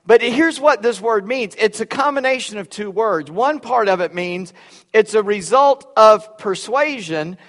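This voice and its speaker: High-voiced preacher in a reverberant hall. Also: male voice, animated, measured pace, a bit bright. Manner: folksy, repeats words, drawls. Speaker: pastor. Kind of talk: sermon with personal story.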